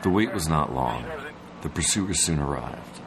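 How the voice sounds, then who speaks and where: A man giving a dramatic, deliberate scripted story narration. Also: a bass voice, lively intonation, creaky. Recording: noisy, with vehicle ambience.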